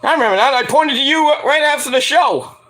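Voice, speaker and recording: A man's voice: very high-pitched, fairly quick, sharp tone, pitched above the performer's own voice. A man voicing a smug veteran woman wrestler in a raised, mock-friendly tone.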